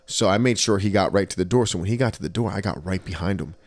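Low-voiced man telling a rowdy story. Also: fast. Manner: animated storyteller, acts out quotes, swears freely. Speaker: podcast co-host. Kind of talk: casual podcast storytelling.

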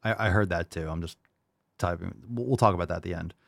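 A man's voice: deep voice, fast, creaky, dry recording, studio quality. A man hosting a livestream show, reacting to clips in a blunt, mocking, sarcastic way. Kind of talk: casual reaction commentary.

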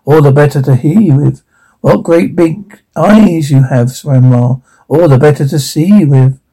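A man voicing a cool, cheeky little girl in red in a storybook reading, slow and husky. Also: a little high, dark tone, rough recording. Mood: teasing.

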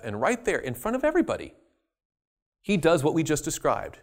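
Man, preacher, sermon, storytelling, joking asides, swooping intonation, slightly high voice. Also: a little fast. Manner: animated, storytelling, jokey asides.

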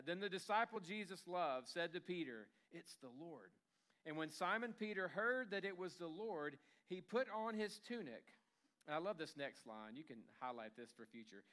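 A man's voice: on the high side, a bit bright. A pastor giving a sermon in a casual storytelling way, acting out the lines of the people in his stories. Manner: conversational storytelling, acting out quotes. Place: church.

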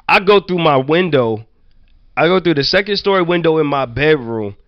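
A man from Virginia telling childhood stories in casual chat, loose and profane, full of "like" and quick laughs. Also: a little high, animated, no echo, highs cut off. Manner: loose, profane, laughing anecdotes with many "like" fillers. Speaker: storyteller.

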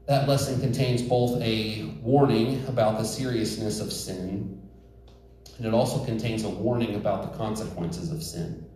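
A man's voice: on the low side, fairly even intonation, moderate pace, dark tone, a little hiss or hum. A man preaching a sermon in church, earnest and emphatic, with joking asides to the congregation. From rural United States. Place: church sanctuary. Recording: echoey church hall, distant mic.

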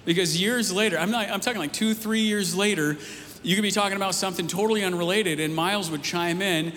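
A man's voice: sits high, quick pace, fairly bright tone. A man preaching a casual, conversational sermon as a pastor, telling stories to his church. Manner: casual storytelling, rising emphatic near the end. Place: church sanctuary. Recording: long hall reverb, faint noise.

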